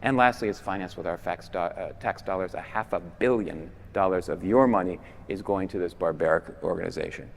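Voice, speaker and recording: A man's voice: a little fast, gravelly. Guy giving a fired-up talk in a big church, long echo trailing off every line. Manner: emphatic, with swings between loud stresses and low, quiet endings. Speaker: conference speaker. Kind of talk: persuasive public talk. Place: large basilica.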